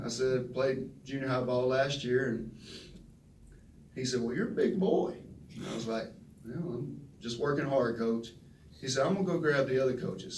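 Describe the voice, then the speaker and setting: A man, telling folksy, animated stories at a press conference and acting out the quotes. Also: medium pitch, a little hiss or hum. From Texas. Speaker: retiring football player at press conference. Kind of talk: storytelling speech. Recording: roomy echo from a distant mic.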